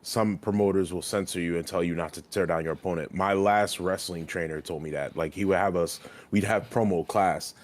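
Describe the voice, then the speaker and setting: A man's voice: low voice, fairly even intonation, fairly quick, few pauses. A young man co-hosting a podcast in casual, profane chat, rambling and getting heated when riled up. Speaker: podcast co-host and streamer.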